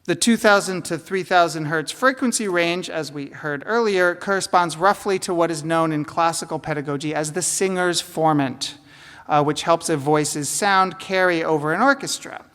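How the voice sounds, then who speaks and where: A woman's voice: on the low side, normal speed, a bit bright. Woman lecturing in a reverberant hall. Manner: explanatory, with fillers and asides. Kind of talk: academic lecture.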